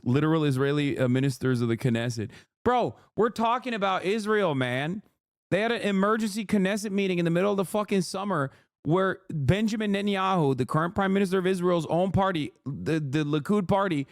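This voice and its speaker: In a livestream reaction, a man in his thirties rants heatedly, swearing and mimicking others sarcastically. His voice sits high, and the recording is dry with clean studio sound.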